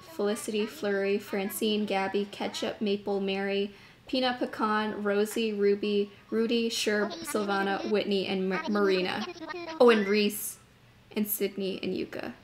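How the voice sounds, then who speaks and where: A young woman streaming a video game, chatting to her viewers in a casual, gushing, easily excited way. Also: medium pitch, slight background noise. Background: game music.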